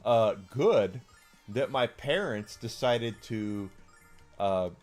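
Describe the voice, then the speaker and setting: A man's voice: medium pitch, expressive, extremely slow, darkish tone, soft background music. A man in his forties chatting casually and outspokenly as a streamer, rambling with many fillers. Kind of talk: casual chat while gaming.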